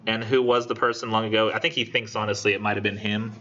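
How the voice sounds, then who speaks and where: A man teaching a college literature class in a casual, animated way, acting out quoted lines. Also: on the low side, fast, slight background noise. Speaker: college English instructor. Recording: dull lo-fi classroom recording.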